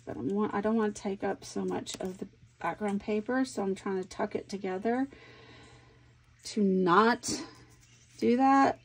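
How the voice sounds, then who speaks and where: A middle-aged woman talks unhurriedly as she crafts, thinking aloud and musing to herself. Her voice sits at a middling pitch and carries a gravelly fry. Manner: chatty, thinks aloud while working. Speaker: scrapbooking crafter. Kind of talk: casual crafting vlog talk.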